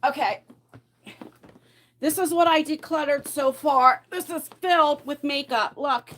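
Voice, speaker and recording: A woman with a high, fairly bright voice speaks a little slowly, with slight background noise, as she chats live from home in her pajamas. Decluttering makeup on her beauty livestream, she rambles, laughs a lot, and is somewhat winded from hauling heavy boxes.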